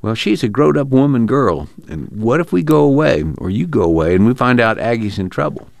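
A man's voice: mid-range voice, sing-song, brisk, creaky, a little mellow, no room sound, voice pushed up. An anxious, humble farmer father, earnest and fretting in rural speech, as a man reads him in a raised voice. The sound is dry and close. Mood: worried, earnest.

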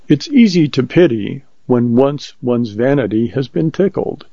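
A man reading a short story aloud as a volunteer narrator, in a measured, steady way. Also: mid-range voice, vocal fry, no echo. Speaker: volunteer reader of short stories. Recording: dull lo-fi recording.

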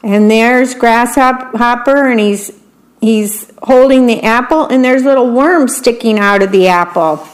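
A woman volunteer reading a bedtime story aloud on the radio, gentle and describing the pictures for listeners. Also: on the high side, a little slow.

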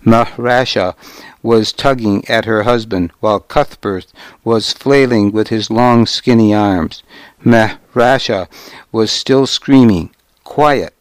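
A man reading a novel aloud as first-person narration, in a measured, deliberate storytelling manner. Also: fairly low pitch, no echo. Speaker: audiobook narrator.

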